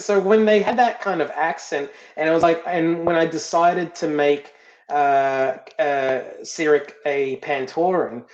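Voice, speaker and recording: Halting male director in a roomy room. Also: fairly high pitch, darkish tone. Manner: halting, repeats words while searching for them. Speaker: film director guest. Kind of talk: casual interview storytelling. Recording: roomy, dull lo-fi sound.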